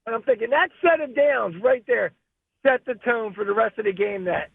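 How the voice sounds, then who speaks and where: An excited man calls in, his very high voice gravelly with fry. He sounds tinny over a phone line and keeps calling the host "bro" as he gets emotional. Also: moderate pace, dry recording. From Philadelphia area. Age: 50s. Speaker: caller. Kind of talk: excited call-in chat.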